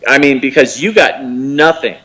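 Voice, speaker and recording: A man's voice: medium pitch, moderate pace, breathy edge, poor audio. An American man calling in to a show, ranting and mocking someone with lots of swearing. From United States. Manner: profane, mocking, animated ranting. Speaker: caller. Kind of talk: heated call-in rant.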